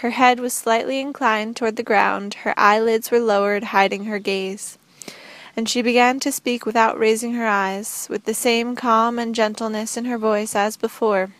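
Woman, audiobook narrator, steady measured reading, higher voice, dry close recording. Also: no room sound. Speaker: audiobook reader.

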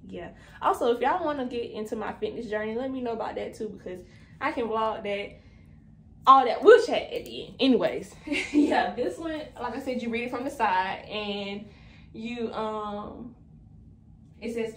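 A woman's voice: a little high, fairly bright tone. A young woman in her twenties chatting casually to viewers in a vlog, a little out of breath, saying "y'all" often. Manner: chatty, addresses viewers as "y'all", many fillers. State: slightly out of breath. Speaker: vlogger. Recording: echoey room, faint background noise.

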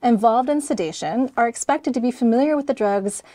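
A woman's voice: fairly high pitch, fairly quick, warm tone, dry recording. A woman, an emergency physician, teaching a review lesson in a chatty way, with frequent "sort of" and "right?". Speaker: medical educator. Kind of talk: conversational review lecture.

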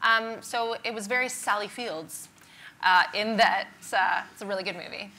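Bright wry Canadian woman on stage. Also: mid-range voice, slight background noise. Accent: Canadian, softened by years in Britain. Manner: chatty, wry, self-deprecating, quick asides. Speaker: stand-up comedian, interview guest. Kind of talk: onstage interview. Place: conference stage before an audience.

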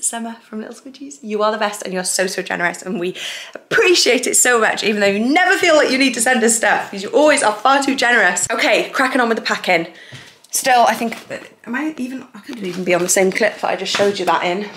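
A young woman chatting casually to a handheld phone camera at home, gushing and excitable as a family vlogger. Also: mid-range voice. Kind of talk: casual vlog chat to camera.

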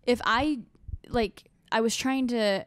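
A young adult woman hosting a podcast, talking in an animated, rambling way full of fillers and restarts. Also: fairly high pitch, slow pace, clear, resonant tone, no echo. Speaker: podcast host. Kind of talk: casual chat.

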